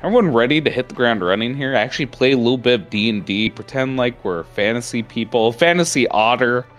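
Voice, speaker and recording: A man's voice: mid-range voice, animated, fairly quick, soft background music. A man running a tabletop game as game master, narrating the scene with many fillers and self-corrections.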